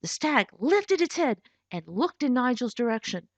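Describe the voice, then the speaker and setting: A woman's voice: on the high side, big pitch swings, normal speed, no room sound. A woman author reading her own children's storybook aloud, telling it with expression and giving voices to the characters. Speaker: author and narrator. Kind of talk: scripted audiobook narration. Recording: dull lo-fi recording.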